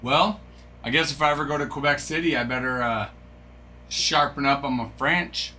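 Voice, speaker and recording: A man with a bright, forward voice chats casually on a live stream, wondering aloud and reacting to viewers' comments. A faint hum sits in the background of his recording. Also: medium pitch, normal speed. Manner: chatty, musing aloud, reads from a screen, stumbles over French names. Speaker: card break streamer.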